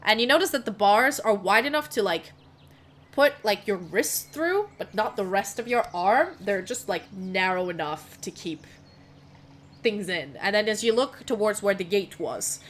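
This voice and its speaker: A woman's voice: medium pitch, lively intonation, moderate pace, slight background noise. A woman narrating a tabletop game as game master, casual and rambling with many fillers.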